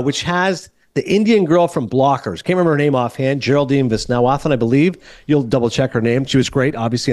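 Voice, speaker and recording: A man's voice: medium pitch, a little mellow, dry recording. A Canadian-raised man hosting a podcast, telling stories in casual movie chat. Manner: fast, chatty storytelling. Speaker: podcast host.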